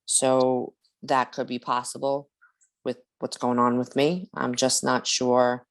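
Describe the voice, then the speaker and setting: A woman with a low voice talks on a video call, hesitant and apologetic, her sentences trailing off. She runs short of breath as she speaks and pauses to recover. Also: level tone. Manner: hesitant, apologetic, many fillers. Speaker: support group member. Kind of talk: casual group video call.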